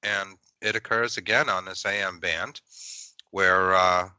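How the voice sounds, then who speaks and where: A man's voice: low-pitched, steady tone, measured pace, bright, forceful tone, clean tone, dry recording. A man from Massachusetts hosting a paranormal podcast in casual chat, rambling with lots of fillers. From Massachusetts, USA. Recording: dull, lo-fi, dry.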